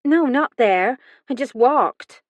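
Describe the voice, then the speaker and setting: A woman's voice: high voice, lively intonation, takes it slowly, no echo, lo-fi sound, voice pushed up. A woman voicing a defiant young woman who answers questions sharply and evasively. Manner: sharp, defensive retorts.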